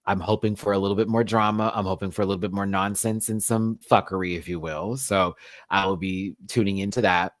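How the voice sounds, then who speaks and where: A man hosts a casual live review of a drag show, swinging between loud outbursts and low mutters in an animated, sassy way, with some swearing. His pace is a little fast, and there's no room sound.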